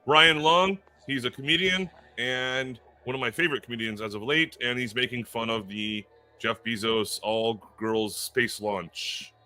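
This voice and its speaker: A man co-hosting a livestream podcast in easygoing casual chat with quick replies. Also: mid-range voice, sharp tone. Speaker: podcast co-host.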